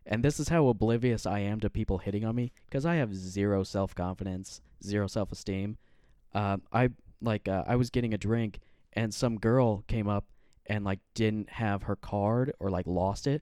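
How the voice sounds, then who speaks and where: A man's voice: on the low side, normal speed, warm tone, clear, resonant tone, no echo, clean studio sound. A man hosting a podcast in casual chat, telling profane stories and laughing often. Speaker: podcast host.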